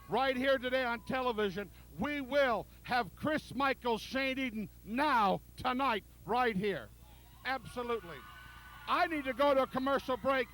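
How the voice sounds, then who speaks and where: Blunt, stubborn wrestling promoter. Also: male voice, extremely high pitch, fairly bright tone, rough recording. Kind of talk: on-air argument.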